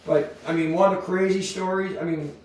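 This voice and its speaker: A middle-aged man, telling rambling, profane stories as a podcast guest, animated when he quotes people. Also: sits high, a little fast, slight background noise. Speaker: podcast guest, wildlife removal business owner. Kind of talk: casual storytelling. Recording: echoey room, mic at a distance.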